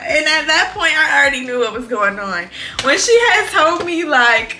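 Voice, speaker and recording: A young woman, telling a storytime vlog in an animated, profane, exclamatory way. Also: high-pitched, moderate pace. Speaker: vlogger. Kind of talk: casual storytime.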